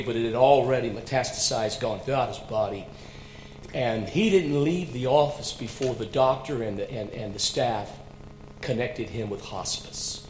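A man, a pastor, telling a heartfelt story earnestly, dropping to a hush and then rising loud. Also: medium pitch, moderate pace. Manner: earnest, swinging between hushed and loud. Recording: roomy sound with faint hum.

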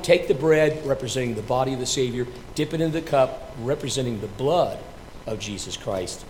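A man, a pastor, telling a story dramatically before leading communion, swinging between loud and hushed delivery. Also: medium pitch, slight background noise.

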